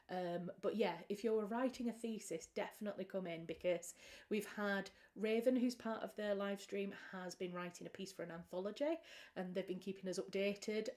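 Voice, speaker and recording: A woman's voice: mid-range voice, darkish tone. Chatty British woman hosting a livestream. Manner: chatty and rambling, with frequent restarts and fillers. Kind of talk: casual livestream chat.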